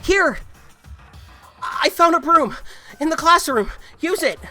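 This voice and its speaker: A man voicing a bubbly, energetic teenage girl from a visual novel, loud and excited. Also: very high-pitched, fast talker, faint music behind, voice pushed up, heavily acted. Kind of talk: game dialogue read aloud.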